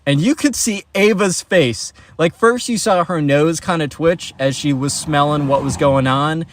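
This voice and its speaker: A young man telling a story in a casual, animated vlog style, with lots of chatty fillers. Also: on the high side, unhurried, slight background noise.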